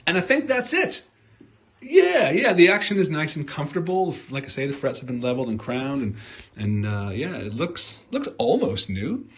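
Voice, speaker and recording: A man's voice: on the high side, big pitch swings, normal speed. A middle-aged man casually walking through a guitar repair he did, rambling and correcting himself with lots of fillers.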